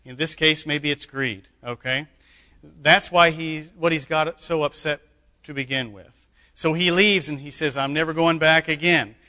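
A man's voice: fairly high pitch, a little slow, bright, forceful tone. A man preaching a sermon as pastor, emphatic, with joking asides. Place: church sanctuary. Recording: echoey hall.

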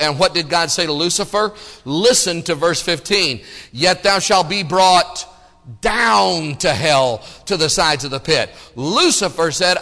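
Male preacher, high and bright, emphatic rhythmic delivery, long hall reverb. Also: lively intonation, a little slow. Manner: emphatic, rhythmic preaching with call-and-response phrasing. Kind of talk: sermon.

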